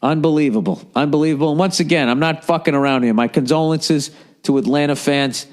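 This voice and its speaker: A man's voice: fairly high pitch, brisk. A middle-aged man hosts a podcast alone, talking in a loose, rambling monologue. He swears constantly and sounds exasperated as he jumps from one thought to the next. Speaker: podcast host. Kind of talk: casual ranting monologue.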